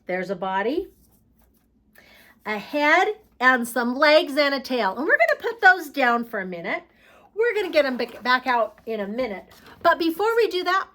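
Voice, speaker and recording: Lively sing-song woman teaching preschoolers. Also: fairly high pitch. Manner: sing-song, slow and playful when reading aloud to young children. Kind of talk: children's craft lesson and picture-book read-aloud.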